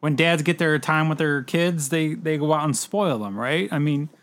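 A man's voice: fairly high pitch, normal speed, a bit bright. A man in casual podcast chat about a movie, hesitant and repeating words, with swearing.

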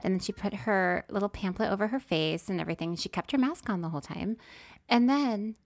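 Chatty woman telling a story. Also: fairly low pitch. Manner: animated, acts out voices, laughs often. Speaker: podcast co-host. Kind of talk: casual storytelling chat.

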